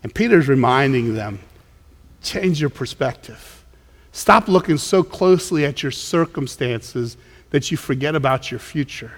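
A man preaching a sermon as pastor, in a conversational way, often repeating words and restarting as he goes. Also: fairly high pitch. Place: church sanctuary. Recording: long reverb of a large hall.

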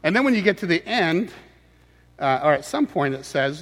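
A man preaching a humorous sermon in a conversational, teasing way with animated asides. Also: a little high, fairly quick, in a large hall.

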